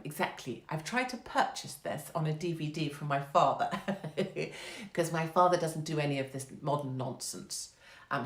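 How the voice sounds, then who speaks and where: Brash, sarcastic English woman in a roomy space. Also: deep voice. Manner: brash, sarcastic and profane, laughing at her own jokes. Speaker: host of her own online show. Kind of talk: casual monologue on a live stream. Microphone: phone microphone. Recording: roomy echo.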